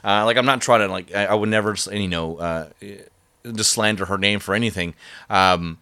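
A man telling a personal story in a casual, halting way, full of fillers and restarts. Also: fairly low pitch, steady tone, sharp tone, clear, resonant tone, no echo.

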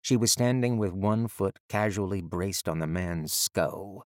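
A man with a deep voice narrates a fantasy audiobook, telling the story in a measured, even way. The recording is close and dry, with no room sound and no echo.

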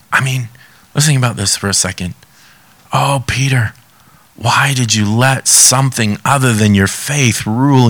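A man preaching a sermon, reading scripture and asking animated rhetorical questions. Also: mid-range voice.

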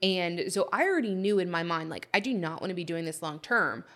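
A woman's voice: lowish voice, animated, a little fast, pushed and bright. A woman co-hosting a podcast, chatty and telling stories in casual conversation. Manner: chatty, storytelling. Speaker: podcast co-host. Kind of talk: casual chat.

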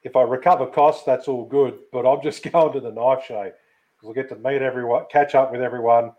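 A man's voice: mid-range voice, fairly even intonation, a little fast, darkish tone. A man co-hosting a casual livestream who teases, swears and laughs often. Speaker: co-host, knife-making gear supplier. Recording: dull lo-fi sound.

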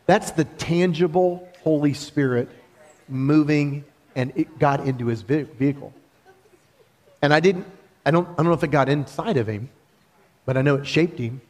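A man preaching a sermon, talking in an animated, conversational storytelling way with laughs. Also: a little high, normal speed, long pauses.

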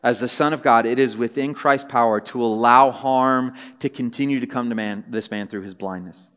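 A man preaching a casual teaching sermon, his mid-pitched voice carrying a long reverb through the hall. He talks conversationally, full of "like" and "right?", then builds to emphatic, repeated phrases. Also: normal speed, fairly bright tone.

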